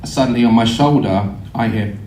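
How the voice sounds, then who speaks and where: A man telling a comic story to a live audience, animated and sweary, acting out voices and screams. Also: medium pitch, moderate pace, a little hiss or hum. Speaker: live show performer. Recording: echoey venue, heard from afar. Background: audience laughter.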